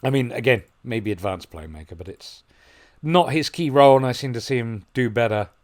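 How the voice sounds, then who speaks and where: A man commentating on his football management game, musing quietly and then breaking into excited play-by-play. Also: mid-range voice, fairly quick. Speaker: gaming video host. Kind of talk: gameplay commentary.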